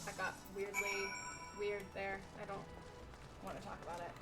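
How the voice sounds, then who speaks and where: A woman's voice: mid-range voice, little pitch movement, normal speed, loud music behind the voice. A woman streaming a game, reading the dialogue aloud and cracking self-mocking jokes at her own voices. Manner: jokey, self-mocking asides.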